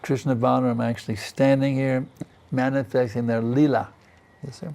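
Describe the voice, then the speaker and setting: At a temple in Vrindavan, an older man teaches a scripture class in a gravelly, slightly mellow mid-range voice that moves little in pitch and runs fairly quick. The spiritual teacher talks casually, often adding "isn't it" and "you see."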